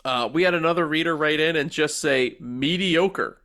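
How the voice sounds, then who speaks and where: A man's voice: on the high side, bright, forceful tone. Podcast co-host, male, sniffly with allergies, jokey and profane. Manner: jokey, swearing, quick to laugh. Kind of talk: casual movie review chat.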